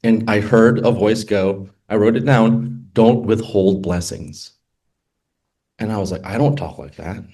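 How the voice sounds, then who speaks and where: A man's voice: fairly low pitch, moderate pace, hardly any pauses, darkish tone. A man, an attorney, telling a personal faith story to a group in a casual storytelling way, acting out the quoted dialogue and adding many asides. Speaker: attorney sharing a testimony. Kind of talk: personal testimony at a group meeting.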